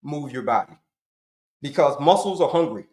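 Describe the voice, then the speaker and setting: A man's voice: fairly high pitch, lively intonation, normal speed, a little mellow, roomy sound. A middle-aged man giving an emphatic, repetitive health coaching talk, asking and answering his own questions to the audience.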